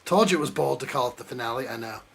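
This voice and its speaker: A man's voice: medium pitch, rapid-fire, creaky, husky. A man hosting a live building stream, chatting casually and teasing his viewers while he reads their comments. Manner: joking, teasing banter while reading chat aloud. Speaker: live stream host building a model kit.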